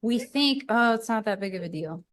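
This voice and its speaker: A middle-aged woman co-hosting a podcast in casual chat, animated, acting out little quoted voices. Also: fairly high pitch, normal speed. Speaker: podcast co-host.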